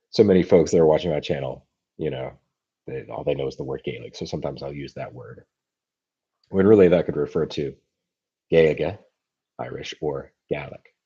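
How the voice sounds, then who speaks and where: Streaming live from home, this American language-learning host works through viewer questions in a thoughtful, stop-and-start way full of fillers and restarts. His voice is very deep, dark, and a touch husky. The audio from his computer mic comes across muffled and dull.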